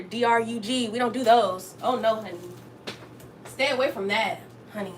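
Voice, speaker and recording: Young woman, bit high voice, chatty livestream host cooking in her kitchen, faint room noise. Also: moderate pace. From Texas. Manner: chatty, talks straight to viewers, bursts up high to greet them. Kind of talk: casual livestream chat while cooking. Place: home kitchen.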